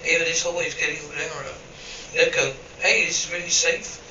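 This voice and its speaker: A man reads an episode script aloud in a plain, uneven delivery, stage directions and all. His voice is bright and slightly high. He sounds far from the mic in a roomy, muffled recording with faint noise. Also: fairly even intonation, fairly quick. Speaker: script reader. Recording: distant, roomy and dull.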